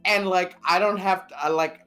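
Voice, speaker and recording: A man's voice: sits high, steady tone, moderate pace, sharp tone, soft background music. A man co-hosting a casual podcast, rambling and swearing, often laughing. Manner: rambling, profane, laughs a lot. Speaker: podcast co-host. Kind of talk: casual chat.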